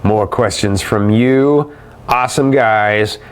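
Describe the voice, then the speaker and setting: A man's voice: lowish voice, slow, smooth. A middle-aged man hosting a live webcast, chatty and upbeat as he answers viewer questions and calls them guys.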